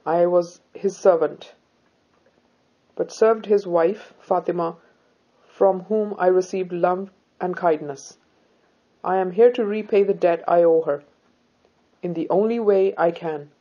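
A woman voicing a calm, defiant young heroine. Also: fairly low pitch, slow, pauses often, highs cut off. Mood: resolute. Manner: calm, polite, firm.

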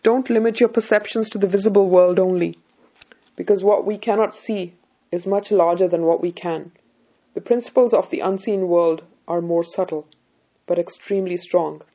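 A woman voicing a serious, devout middle-aged husband who calmly consoles his wife about faith. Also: lowish voice, moderate pace, dull audio. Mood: gently consoling. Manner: calm, consoling, preaching.

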